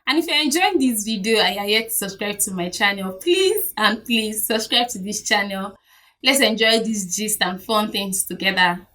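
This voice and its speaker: A young Nigerian woman chats to her camera, lively and quick to laugh. Her voice sits a little way off the mic. The pitch is middling for a woman. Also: far from the mic. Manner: chatty, animated, laughs often. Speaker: vlogger. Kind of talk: casual talk to camera.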